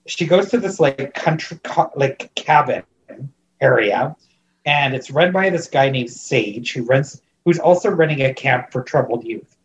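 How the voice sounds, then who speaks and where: A man's voice: medium pitch, lively intonation, unhurried, a little hiss or hum. Rambling man with a muffled mic. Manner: rambling, lots of "like" and restarts, amused disbelief. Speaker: podcast co-host recapping a movie. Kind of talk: casual chat.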